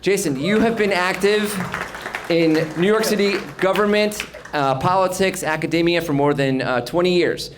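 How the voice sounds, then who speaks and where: A man moderating an event, introducing a guest formally in measured, hesitant phrasing. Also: high voice, noisy background.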